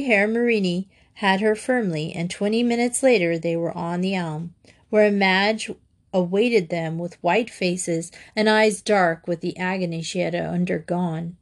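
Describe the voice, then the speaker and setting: A woman reading a classic children's novel aloud in a measured storytelling manner. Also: medium pitch. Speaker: audiobook narrator.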